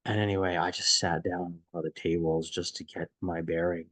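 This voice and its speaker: A man's voice: deep voice, level tone, fairly bright tone, no echo, poor audio. A man telling a friend a personal story in a casual, rambling way, stopping and restarting as he searches for words. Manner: rambling and halting, with many restarts.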